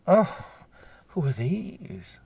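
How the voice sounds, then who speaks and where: A man's voice: fairly high pitch, sing-song, drawn-out words, vocal fry, a little mellow, slightly rough, dry recording, pitched above the performer's own voice, exaggerated voice. A man voicing a sardonic, snobbish who mutters wry asides.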